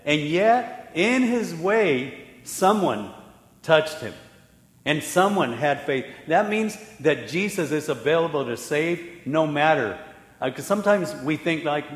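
A man delivers a sermon as pastor, his voice sitting a little high for a man. He tells the story animatedly, acting out the voices of the people in it. His words ring through a roomy hall with a long echo. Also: lively intonation, slow pace. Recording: echoey hall with long reverb.

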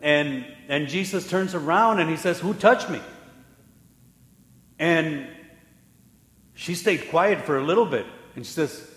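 A man preaching a sermon as pastor, telling the story with lively acted-out voices and laughing at himself now and then. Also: fairly high pitch, a little slow. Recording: echoey hall with long reverb.

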